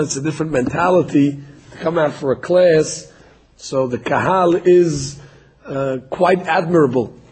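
A man's voice: a little mellow, breathy edge, poor audio. A man giving a Torah class in a synagogue, telling the story with dramatic voiced quotes. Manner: storytelling, acting out quotes with rising pitch. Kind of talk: sermon-style Torah lecture.

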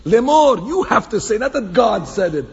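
A man teaching a Torah class to a small group in an animated way, repeating phrases for emphasis and mixing in Hebrew quotes. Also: sits high, moderate pace, vocal fry. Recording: echoey hall, dull lo-fi sound with faint background hum.

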